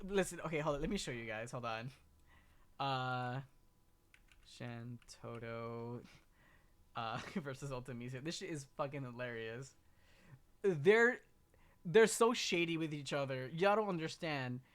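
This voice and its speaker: A streamer chatting casually on a live stream, excitable and profane, swinging from low mutters to squeals.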